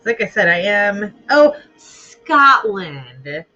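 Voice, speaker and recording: Rambling woman, slow talker. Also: medium pitch, big pitch swings, bright, forceful tone, dull audio, faint music behind. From United States. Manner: rambling and chatty, talks to herself while playing. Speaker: gamer playing through a game. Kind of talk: let's play commentary.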